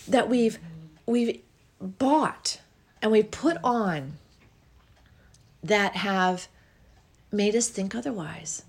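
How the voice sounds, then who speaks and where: A woman's voice: medium pitch, breathy edge. Gushing, emotional woman podcast host. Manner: soft, gushing and emotional, drops to whispers. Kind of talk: heartfelt spiritual monologue.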